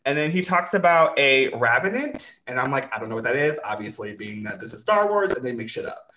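A man talks through a show recap in casual chat, his pitch leaping up and down as he acts out characters and swears freely. His voice is bright and forward. The room around him rings with noticeable echo. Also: lively intonation, brisk, a little hiss or hum. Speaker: podcast host recapping a show.

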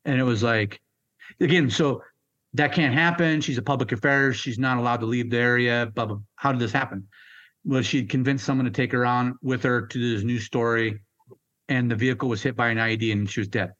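A man's voice: mid-range voice, steady tone, fairly quick, a bit bright, muffled recording. A middle-aged man, a Marine veteran, telling war stories bluntly in an interview, swearing and acting out the dialogue. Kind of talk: storytelling interview.

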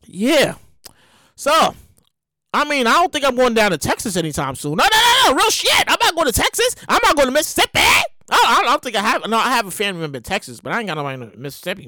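A woman with a New York accent hosting a casual commentary show, animated and emphatic, slangy, repeating her points. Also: on the high side, quick pace, no room sound. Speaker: show host.

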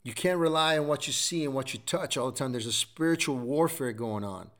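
A man's voice: mid-range voice, brisk, fairly bright tone. A middle-aged man hosting a show, giving a preachy motivational talk full of repeated exhortations. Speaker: show host.

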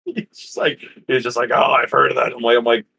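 A man's voice: mid-range voice, vocal fry, pushed and bright, slightly rough. A young man co-hosting a podcast, chatting casually, rambling and swearing with frequent laughter. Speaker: podcast co-host. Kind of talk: casual chat.

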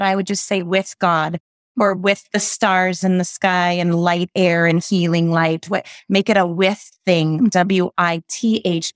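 A woman's voice: medium pitch, dry recording. A woman explaining spiritual ideas as a podcast guest, circling back and correcting herself as she goes. Her voice sits in a middle register. The sound is dry and close, with no room around it. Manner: rambling, self-correcting, spiritual teacher tone. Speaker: guest, intuition teacher. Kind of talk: conversational interview, explaining ideas.

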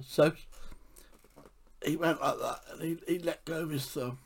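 A man's voice: a little high, moderate pace, gravelly, pauses often, breathy edge. A man from England, telling funny anecdotes from his life for a podcast and often laughing at his own stories. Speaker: podcast storyteller. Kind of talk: anecdotal storytelling.

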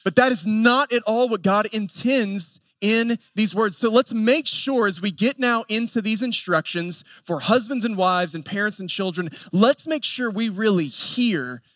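A pastor in his thirties with an Appalachian North Carolina accent preaches a sermon earnestly, building lists with emphatic pauses. His voice is high and a bit bright, and the recording is dry.

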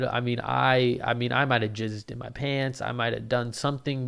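Gravelly, rambling podcast host, a man. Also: medium pitch, moderate pace, few pauses. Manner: rambling, profane, excitable storytelling. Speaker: podcast host and open-mic comedian. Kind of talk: casual podcast monologue.

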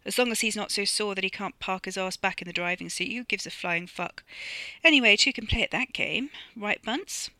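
A woman's voice: mid-range voice, brisk, bright, forceful tone, no room sound. A woman reading the lines of a snide, posh young man with a mocking drawl. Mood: sneering.

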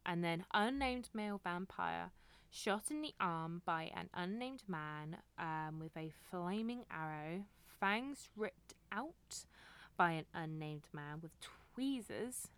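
A woman's voice: fairly low pitch, animated, slow, a bit bright, clean tone. A British woman co-hosting a podcast, chatting casually, giggly and swearing freely. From England. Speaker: podcast co-host. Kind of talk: casual chat.

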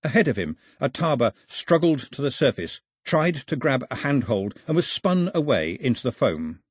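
Husky, expressive male audiobook narrator. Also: mid-range voice, moderate pace, dry recording, studio quality. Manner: expressive storytelling.

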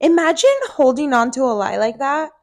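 Giggly woman with a high voice. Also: expressive. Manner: giggly, emphatic, quick to laugh. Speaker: podcast co-host. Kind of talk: casual chat.

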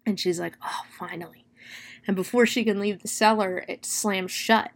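A woman recaps a horror novel in a loose, chatty way, full of "like" and "you know." She lingers on the gory details with a mix of disgust and relish. Her voice sits at an ordinary middle pitch. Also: normal speed. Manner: expressive, dwelling on gory detail. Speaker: book reviewer. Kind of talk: casual plot recap.

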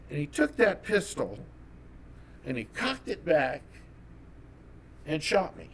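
A man from California telling a personal story as an interview guest, animated and acting out the dialogue. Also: a little high, slight background noise. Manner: animated, acts out quoted dialogue.

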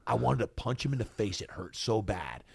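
A man's voice: on the low side, moderate pace, vocal fry, breathy edge, no echo. A middle-aged man from New Jersey, a fitness coach guest on a podcast, telling a personal story with lots of energy and acting out the dialogue. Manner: animated, acts out quoted dialogue.

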